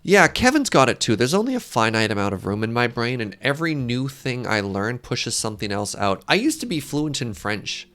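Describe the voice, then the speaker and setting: Gravelly-voiced man streaming with chat. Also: medium pitch, big pitch swings, brisk, hardly any pauses, a bit bright. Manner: joking, self-deprecating, chats with viewers. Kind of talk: casual live-stream chat while gaming.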